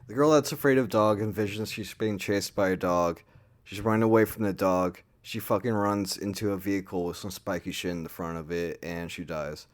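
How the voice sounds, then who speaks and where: A man's voice: sits low, fairly even intonation, moderate pace. A man giving a casual, rambling movie review, full of swearing and filler words.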